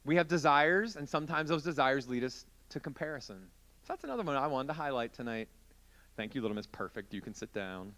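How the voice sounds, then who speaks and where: A man's voice: mid-range voice, animated, brisk, a bit bright. A man preaching as a youth pastor in an interactive youth group sermon, playful and joking with volunteers.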